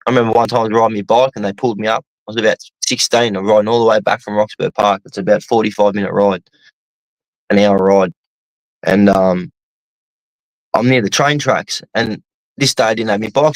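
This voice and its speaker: A man's voice: lowish voice, no echo, rough recording. A young Australian man chatting casually, telling blunt stories full of swearing. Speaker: host. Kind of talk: casual chat.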